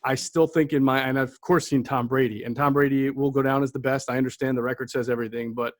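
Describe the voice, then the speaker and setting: A man's voice: mid-range voice, little pitch movement, fast, no room sound, clean studio sound. A middle-aged man hosting a sports talk show, chatting about football and reading ads with a jokey, upbeat delivery.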